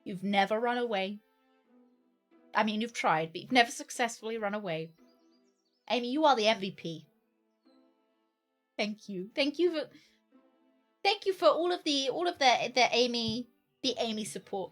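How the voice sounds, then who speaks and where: A woman's voice: medium pitch, lively intonation, normal speed, long pauses, a bit bright, soft background music. A woman streamer chatting playfully and laughing often during a gameplay stream. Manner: giggly, chatty and playful, talks to chat. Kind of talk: casual gameplay commentary.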